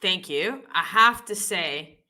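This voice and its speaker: A woman hosting a live trading stream, chatty and joking with quick asides. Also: fairly low pitch, lively intonation, bright, forceful tone. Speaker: live-stream host trader. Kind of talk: casual live-stream chat.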